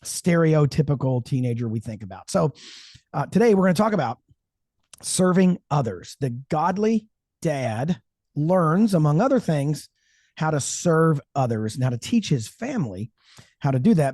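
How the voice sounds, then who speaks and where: A man hosting a faith-based fathering podcast, chatting with his co-host in an energetic, enthusiastic way, sometimes slipping into a radio announcer voice. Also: on the high side, normal speed, dry recording, clean studio sound. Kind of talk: casual podcast chat with ad read.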